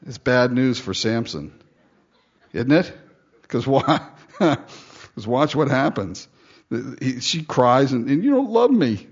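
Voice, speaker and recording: A man's voice: medium pitch, takes it slowly, pauses often. A man preaching a sermon in a joking way, acting out the story in voices. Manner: animated, joking, acts out the lines in voices. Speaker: pastor. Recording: dull, lo-fi sound.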